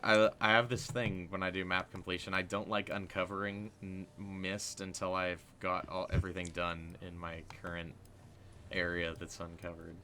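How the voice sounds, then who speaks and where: A man hosting a livestream, chatting casually and excitably over a game, with slangy talk that gets loud when he is hyped. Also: sits low, normal speed, a little hiss or hum. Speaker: livestream host. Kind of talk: casual gameplay chat.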